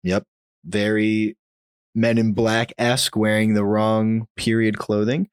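A man's voice: fairly low pitch, slow, clean tone, no room sound, studio quality. A man hosting a podcast, telling a spooky story in a casual way and chuckling now and then. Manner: animated, chuckles while telling a spooky tale.

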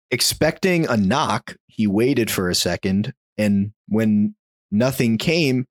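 Animated man telling a spooky story. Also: mid-range voice, dry recording, clean studio sound. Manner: animated, chuckles while telling a spooky tale. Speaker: podcast host telling a story. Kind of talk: casual storytelling.

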